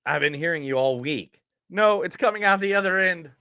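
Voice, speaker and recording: Drawling, overdone Southern small-town characters, as a man puts them on. The tone is bright and clear, recorded close and dry with no room sound. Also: a little high, lively intonation, brisk, dry recording, pitched above the performer's own voice. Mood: gruff. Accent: Southern US put-on. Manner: drawling, exaggerated line readings.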